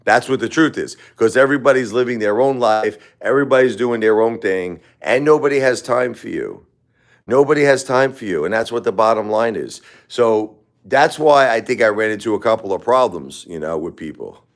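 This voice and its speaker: A man's voice: on the low side, lively intonation, normal speed. A grieving man hosting a livestream, rambling and repeating himself with emotion. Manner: repetitive, emotional, repeats phrases, chuckles between lines. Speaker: livestream host.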